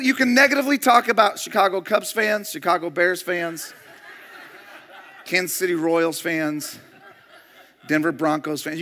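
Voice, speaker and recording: A man preaching a sermon as pastor, emphatic and moving between loud declarations and hushed storytelling. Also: high voice.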